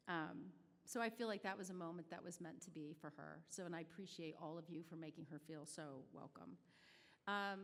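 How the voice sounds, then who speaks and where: A middle-aged woman with a Midwestern American accent, telling a personal story in a chatty, self-deprecating way at a charity brunch. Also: on the low side. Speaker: nonprofit staff speaker. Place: banquet hall. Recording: reverberant hall audio.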